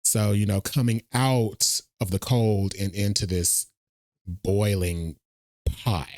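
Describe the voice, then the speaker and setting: A man's voice: on the low side, fairly even intonation, takes it slowly, darkish tone, dry recording, clean studio sound. A man casually reacting to a movie trailer, thinking aloud and talking to his viewers. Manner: chatty, thinks aloud, addresses viewers as y'all.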